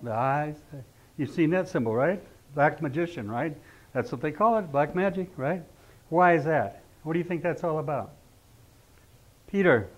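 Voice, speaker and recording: A middle-aged man teaching an astrology class, talking conversationally and often putting rhetorical questions to his students. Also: medium pitch. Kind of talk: lecturing a class. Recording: dull lo-fi recording.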